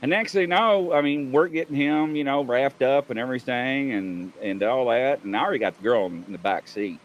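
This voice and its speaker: A man, co-hosting a casual video-call show and telling a lively story while acting out the other people in it. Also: mid-range voice, fairly quick, dull audio, a little hiss or hum. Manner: animated storyteller, acts out voices of others. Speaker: podcast co-host, former police officer.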